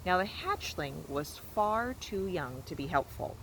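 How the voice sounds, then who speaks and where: A woman's voice: fairly low pitch, animated, unhurried, fairly bright tone, a little hiss or hum, low-quality recording. A woman reading a children's novel aloud outdoors in a backyard fort, recorded on a phone, with casual asides. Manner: casual asides between narration. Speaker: storybook reader.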